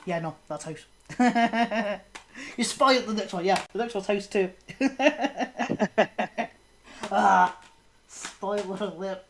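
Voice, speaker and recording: A woman's voice: medium pitch, moderate pace, slight background noise. A woman, co-hosting a podcast in loose, casual chat full of fillers. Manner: rambling, lots of fillers and trailing laughs. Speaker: podcast co-host. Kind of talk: casual chat about horror films.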